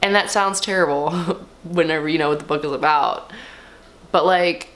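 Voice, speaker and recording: A young woman talking casually and candidly as a book vlogger, swearing freely and swinging her pitch up and down. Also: moderate pace, a bit bright. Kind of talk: casual chat.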